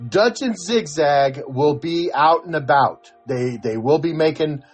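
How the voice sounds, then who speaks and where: An older man co-hosts a podcast and tells stories in a lively, casual way, acting out what each person said. His voice sits a little high for a man. Soft music plays faintly underneath. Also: unhurried, slightly rough. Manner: animated storyteller, acts out the dialogue. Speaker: podcast co-host. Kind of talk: casual storytelling chat.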